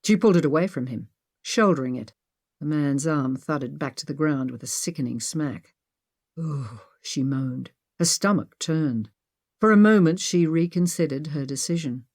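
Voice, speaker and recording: A woman narrating an adventure audiobook in a steady, measured way. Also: sits low. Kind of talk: scripted narration.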